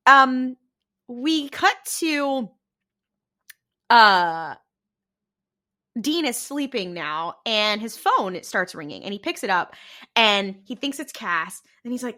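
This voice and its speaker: A woman's voice: fairly high pitch, takes it slowly, pauses often. A young woman co-hosting a podcast, casually retelling TV scenes and acting out the characters' lines. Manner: animated retelling with quoted voices and laughter. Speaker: podcast co-host. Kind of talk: casual recap chat.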